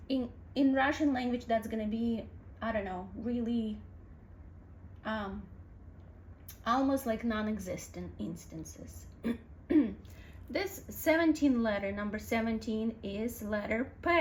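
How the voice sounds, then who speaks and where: A woman's voice: on the high side, a little hiss or hum. A woman teaching a language lesson, patiently spelling out sounds letter by letter. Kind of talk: alphabet lesson.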